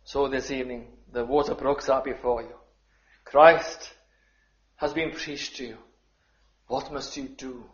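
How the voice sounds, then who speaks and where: A man preaching a sermon, measured and deliberate, sometimes rising into fervent appeals. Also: mid-range voice, steady tone, reverberant, lo-fi sound.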